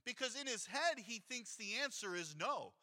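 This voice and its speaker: Bright, high-voiced pastor preaching conversationally. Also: male voice, animated, normal speed. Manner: conversational preaching, reads scripture aloud, rhetorical asides. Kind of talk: sermon.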